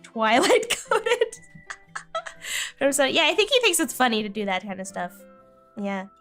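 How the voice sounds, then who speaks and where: A woman's voice: high voice, a little slow, soft background music. A woman streamer chatting casually with viewers, telling a family story and laughing often. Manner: animated, quotes relatives in voices.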